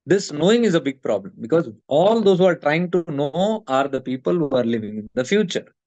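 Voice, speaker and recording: A man's voice: on the high side, sing-song, brisk, darkish tone, dry recording. A man giving a casual spiritual talk, telling stories and acting out the people in them. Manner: storytelling, acting out quoted friends, mixing Hindi into English. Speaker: spiritual teacher. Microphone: streamed call audio.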